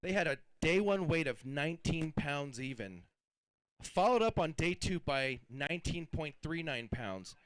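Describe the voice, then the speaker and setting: Upbeat fishing tournament emcee, dry voice. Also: male voice, fairly high pitch, lively intonation, unhurried, fairly bright tone, clear, resonant tone, dry recording, rough recording. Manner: upbeat, hypes the crowd. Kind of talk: live weigh-in announcing.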